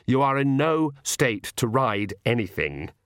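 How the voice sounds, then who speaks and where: A man's voice: mid-range voice, very animated, a little slow, a bit bright, clear, resonant tone, dry recording, clean studio sound. A man voicing a polite, hesitant young priest who stammers with ums, in a storybook reading.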